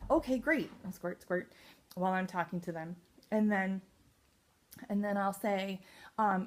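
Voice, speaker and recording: A woman's voice: medium pitch, a little slow, long pauses. Woman, sales team leader, casual training talk, upbeat, chatty, filler-heavy. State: excited and nervous. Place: home at night.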